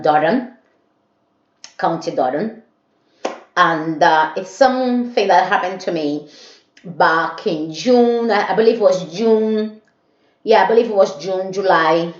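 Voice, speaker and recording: A woman telling a personal story to camera, rambling and repeating herself. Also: on the low side. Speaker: vlogger. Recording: dull echoey room.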